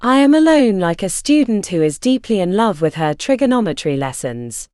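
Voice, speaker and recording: A woman narrating a literary story in the first person, in a measured storytelling manner. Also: medium pitch, sing-song, darkish tone, no room sound, clean studio sound.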